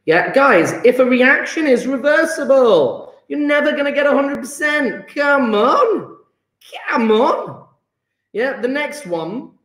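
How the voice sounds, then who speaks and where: A man's voice: extremely high pitch, sing-song, slow pace, a bit bright, reverberant. A male chemistry teacher, teaching an enthusiastic, emphatic online lesson and calling on his students by name.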